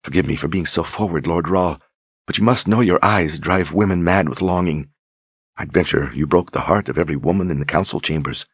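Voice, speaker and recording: A demure young duchess who speaks softly and courteously, as a male narrator reads her, flattering and gentle. The voice sits very deep and husky, recorded close and dry with no room sound. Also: a little fast, no room sound. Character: young noblewoman duchess, soft-spoken and flattering. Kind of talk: audiobook character reading.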